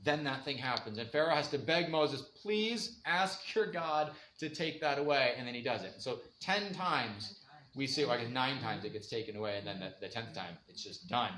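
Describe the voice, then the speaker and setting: A man's voice: mid-range voice, brisk, pushed and bright, a little hiss or hum. A man giving an informal, conversational Bible lesson in a church room, laughing often as he talks. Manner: conversational, laughs often, acts out quoted voices. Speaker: Bible teacher. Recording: echoey room with faint ambience.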